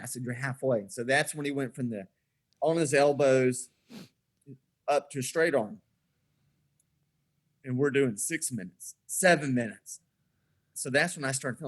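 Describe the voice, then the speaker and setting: A man in his forties, a podcast guest, telling stories in a casual chat and acting out the dialogue as he goes. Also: medium pitch. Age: 40s. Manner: animated storyteller who acts out quoted dialogue.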